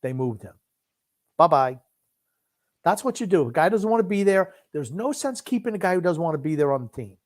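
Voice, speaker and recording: A man's voice: on the high side, big pitch swings, brisk. Blunt, curt man co-hosting a sports podcast. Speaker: podcast co-host nicknamed Grumpy. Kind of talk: casual sports podcast chat.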